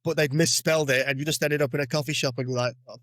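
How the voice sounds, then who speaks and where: A man's voice: fairly high pitch, fairly even intonation, rapid-fire, fairly bright tone, dry recording, studio quality. A man hosting a podcast, asking questions and teasing his guest with joking theories. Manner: teasing, jokey. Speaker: podcast host. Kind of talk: casual interview chat.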